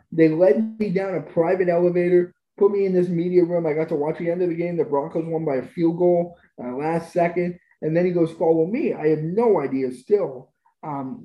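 Guy on a podcast gushing about stuff, kinda high voice, echoey room. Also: highs cut off. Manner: enthusiastic, gushing about experiences. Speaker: podcast guest. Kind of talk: conversational storytelling. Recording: roomy echo.

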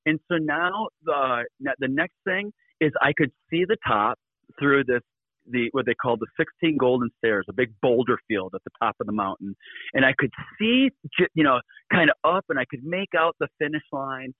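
A man, a guest in a radio interview, telling a personal story in an animated way and laughing between lines. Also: medium pitch, moderate pace, dry recording, narrow, tinny audio.

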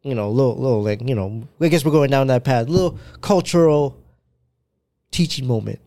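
A man's voice: medium pitch, normal speed, dark tone, dry recording, clean studio sound. A man in casual chat, patiently explaining things and laughing often.

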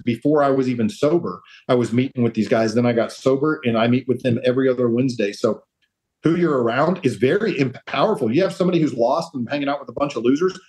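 An earnest man speaking as a guest on an interview podcast, rambling through advice with frequent restarts. He slips into quoted voices of other people as he tells his stories, in a voice of ordinary pitch for a man. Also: darkish tone, poor audio. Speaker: podcast guest, real estate entrepreneur. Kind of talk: casual interview talk.

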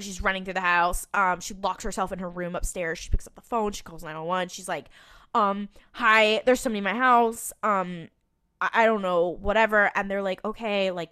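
A woman's voice: medium pitch, bright, forceful tone, clear, resonant tone. A woman co-hosting a podcast, chatting casually as she retells scenes with quoted lines and the odd swear. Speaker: podcast co-host. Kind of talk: casual recap chat.

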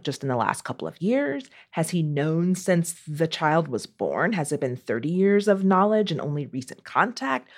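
A woman co-hosting an advice podcast, talking through a listener's question in a thoughtful, casual way. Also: low voice. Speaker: podcast co-host.

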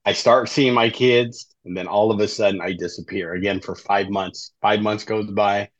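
A man's voice: fairly low pitch, fairly even intonation, normal speed, lo-fi sound. A middle-aged man, a podcast guest, tells his story in a casual, conversational way and often ends sentences with "right?". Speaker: podcast guest, life coach in recovery.

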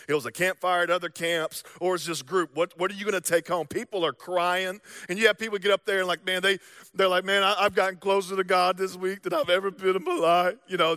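A young man preaching a sermon, telling stories and acting out voices, swinging from loud to hushed. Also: high voice, dry recording, clean studio sound. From American South. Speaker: pastor.

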